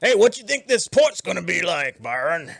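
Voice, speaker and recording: A man voicing a male half-orc crewman with a rough, folksy put-on accent. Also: high voice, very animated, normal speed, fairly bright tone, no room sound, voice pushed up, heavily acted.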